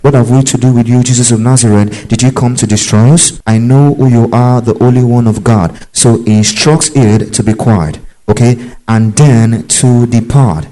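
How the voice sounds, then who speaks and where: A man's voice: mid-range voice, normal speed, few pauses, warm tone, low-quality recording. A man preaching a Bible teaching, emphatic and repetitive, checking in with his listeners. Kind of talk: sermon-style Bible teaching.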